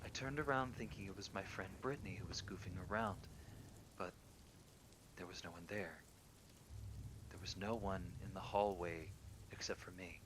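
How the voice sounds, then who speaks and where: A man calmly reading true horror stories aloud, sometimes dropping to a hushed near-whisper. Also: normal speed, long pauses, noisy background. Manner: calm, low-key reading that drops into hushed near-whispers. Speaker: horror story reader.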